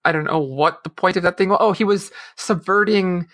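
Animated woman retelling scenes. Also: lowish voice, a little fast. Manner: animated retelling with acted-out quotes. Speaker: podcast co-host. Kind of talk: casual discussion.

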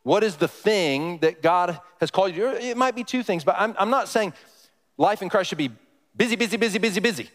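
Male pastor, high-ish voice, conversational sermon, long church reverb. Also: expressive, moderate pace. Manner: conversational, asks the congregation questions.

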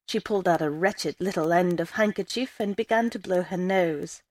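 A woman reading a first-person story aloud in a measured storytelling way. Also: fairly low pitch, a little mellow, dry recording. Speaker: story reader.

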